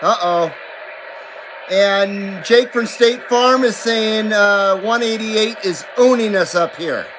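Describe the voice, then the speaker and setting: A man hosting a CB radio livestream, chatting casually and reading out viewer comments in a laid-back, drawn-out way. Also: sits high. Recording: steady background noise.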